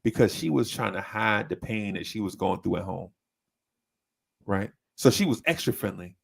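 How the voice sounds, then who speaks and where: A man telling a story in casual chat, animated and often breaking into high voices to mimic people. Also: moderate pace, gravelly, husky. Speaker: podcast co-host.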